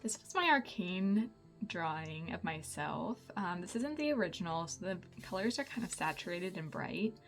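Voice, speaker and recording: A woman's voice: lowish voice, lively intonation, moderate pace, soft background music. A young woman chatting casually through a tour of her sketchbook, bubbly, with many ums and giggles. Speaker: artist vlogger.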